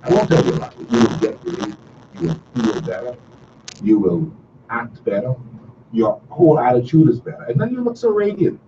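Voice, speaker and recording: A man's voice: medium pitch, very animated, normal speed, far from the mic, dull audio, background noise. A middle-aged man, hosting a casual call-in radio talk show with a folksy, repetitive, storytelling manner.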